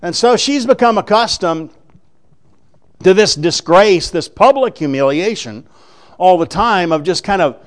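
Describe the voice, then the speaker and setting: A man preaching a sermon, explaining scripture in a folksy, animated way and acting out the scenes. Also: high voice, a little slow. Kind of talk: sermon, Bible exposition.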